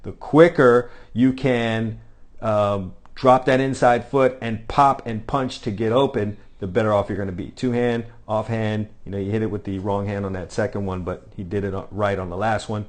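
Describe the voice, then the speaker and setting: A man's voice: lowish voice, steady tone, normal speed. Man coaching over drill footage. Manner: instructive, repeats cues and "all right?". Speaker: football coach.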